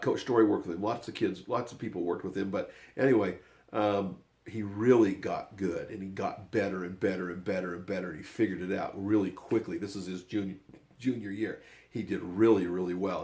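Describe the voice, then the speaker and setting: A man's voice: sits low, fairly even intonation, a little fast, a little mellow. An older man, a grandfather, telling a family story in a rambling, casual way, often circling back with "anyway".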